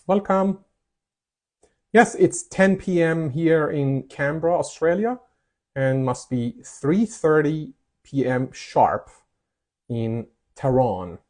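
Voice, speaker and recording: A man's voice: on the high side, slow pace, darkish tone. A man hosting a live stream, greeting viewers around the world and reading out their chat comments. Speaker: host. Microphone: mic'd up.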